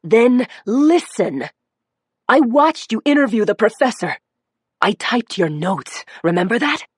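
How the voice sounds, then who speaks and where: A woman's voice: a little high, very animated, measured pace, husky, no room sound, studio quality, voice pushed up, exaggerated voice. A woman voicing a badly injured young policewoman who screams, cries and curses. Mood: defiant. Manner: screaming, crying, cursing. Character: young woman cop, injured, frantic and defiant.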